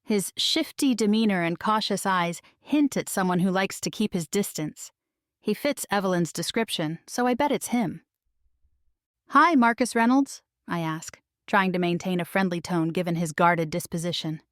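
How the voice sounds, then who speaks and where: A woman narrating a first-person audiobook in an even, measured storytelling voice. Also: fairly low pitch, no echo, clean studio sound.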